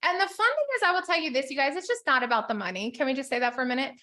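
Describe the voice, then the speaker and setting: A woman's voice: sits high, lively intonation, racing, sharp tone. A woman business coach teaching a live group in a chatty, upbeat way, with lots of "like"s and frequent laughs. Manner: chatty, upbeat, filler-heavy with many "like"s.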